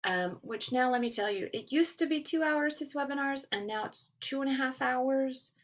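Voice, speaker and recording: A woman's voice: high-pitched, moderate pace. Chatty woman with a Texas accent. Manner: chatty, with frequent ums and laughs. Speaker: podcast host. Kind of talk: casual chat and reading aloud.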